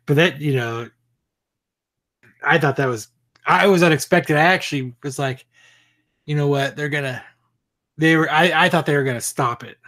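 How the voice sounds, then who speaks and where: A man's voice: a little high, moderate pace, sharp tone. A man co-hosting a fan podcast, chatting casually, swearing freely and often trailing off mid-thought. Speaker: podcast co-host.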